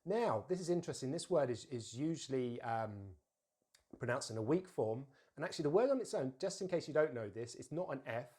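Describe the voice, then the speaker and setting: Man teaching pronunciation, deliberate and clear. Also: mid-range voice, lively intonation, a little mellow. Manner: slow, deliberate modelling of words with drills to repeat; explains plainly with frequent fillers and restarts. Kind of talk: pronunciation lesson.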